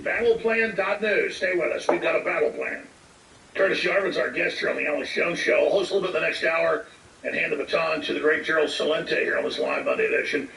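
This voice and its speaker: Gravelly high-voiced man hosting talk radio. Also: steady tone, fast, bright, forceful tone. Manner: blunt, interrupting, finishes the guest's sentences. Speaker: talk show host. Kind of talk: combative political talk radio. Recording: echoey, distant, noisy studio feed.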